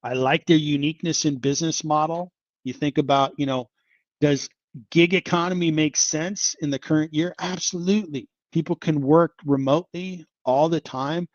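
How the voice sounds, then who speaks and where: A man's voice: on the high side, steady tone, moderate pace, no echo, muffled recording. A man hosting a casual investing livestream, chatting about stocks and sighing and exclaiming over a falling market. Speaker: investing channel host.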